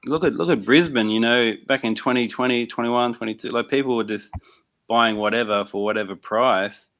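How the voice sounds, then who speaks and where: A man in casual livestream chat, measured and cautious, who murmurs agreement often. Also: medium pitch, fairly bright tone.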